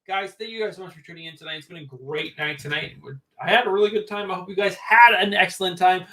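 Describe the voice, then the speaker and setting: A man co-hosting a casual livestream, speaking in an easygoing way with halting restarts. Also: high-pitched, bright, forceful tone. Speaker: co-host.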